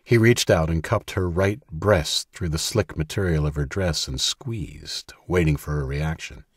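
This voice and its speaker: A man narrating an audiobook in a steady, measured storytelling voice. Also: rumbling low, husky, dry recording, studio quality.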